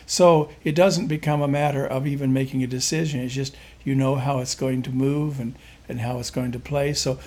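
A man in an interview, explaining folk music in a halting, rambling way and often restarting his sentences. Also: medium pitch, steady tone, darkish tone. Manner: halting, rambling, searches for words with many restarts.

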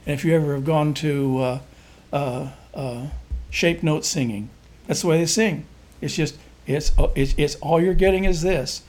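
A man with a fairly high speaking voice talks through music in an interview. He rambles and halts, restarting his sentences as he hunts for the right words. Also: darkish tone. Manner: halting, rambling, searches for words with many restarts. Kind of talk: explaining folk music in an interview.

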